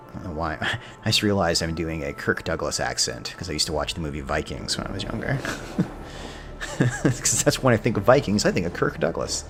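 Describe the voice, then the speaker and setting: Male game streamer, deep and animated, rambling history tangents over background music. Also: fairly quick. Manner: chatty, rambles into history asides. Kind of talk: casual gameplay commentary.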